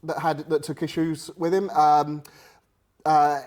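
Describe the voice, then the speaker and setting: A man who explains history casually and playfully. He stops and restarts often, and his voice sits slightly high. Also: little pitch movement, a little mellow. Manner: halting, many restarts, playful storytelling. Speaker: wargaming hobbyist explaining history. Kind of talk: casual conversation.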